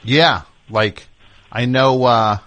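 Speaking extremely slowly in a medium-pitched voice, a man hosts a call-in radio show, chatting loosely with callers. He's relaxed and rambling, with many fillers, and a little hiss or hum sits under the audio.

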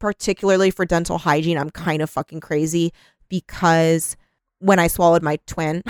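A young woman co-hosting a podcast in casual chat, animated, swearing often and laughing a lot. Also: fairly low pitch, moderate pace, no echo, clean studio sound. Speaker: podcast co-host.

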